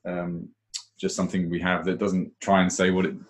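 A man co-hosting a live webinar, talking in a reflective, low-key way in a casual discussion. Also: completely flat delivery, normal speed.

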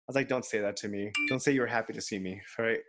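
A man's voice: on the low side, fairly even intonation, quick pace, a bit bright, a little hiss or hum. Man telling a personal story. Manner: candid storytelling, quotes others in his own voice. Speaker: podcast co-host. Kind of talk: casual chat.

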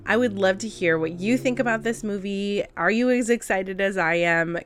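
A woman's voice: mid-range voice, moderate pace. A woman vlogger giving blunt, emphatic casual commentary to camera, with laughing asides.

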